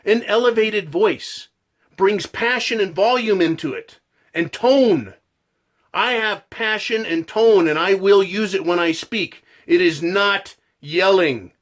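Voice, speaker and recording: A man's voice: sits high, unhurried. A man delivering a passionate, profane ranting monologue as a channel host.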